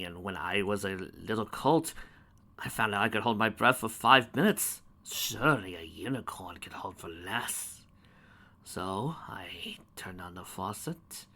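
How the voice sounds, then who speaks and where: Man putting on an unhinged, gleeful nurse pony, bright and whispery. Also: fairly low pitch, exaggerated voice. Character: unhinged male nurse pony, cheerfully cruel.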